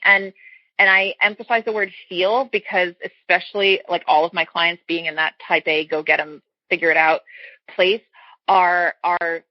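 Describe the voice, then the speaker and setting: A woman with a husky, slightly breathy voice talks earnestly as a guest coach. She explains her points with homely comparisons and often restarts her sentences. The sound is dry and a little dull and lo-fi. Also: fairly low pitch, fairly even intonation, a little slow, no room sound. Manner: earnest, explains with everyday analogies, frequent restarts. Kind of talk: casual interview chat.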